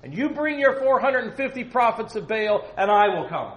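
A man voicing a bold male prophet who shouts a slow, declaiming challenge. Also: medium pitch, lively intonation, lightly acted. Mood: defiant. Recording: roomy echo, faint noise.

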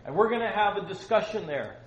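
A man voicing a bold male prophet who shouts a slow, declaiming challenge. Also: mid-range voice, lively intonation, muffled recording, close to an everyday voice. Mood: defiant. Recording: roomy echo, faint noise.

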